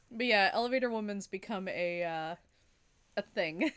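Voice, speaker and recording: A woman's voice: mid-range voice, animated, a little slow, fairly bright tone. Giggly woman streamer chatting casually. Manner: chatty, laughs often, giggly asides. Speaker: streamer playing a story game. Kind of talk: casual live-stream commentary.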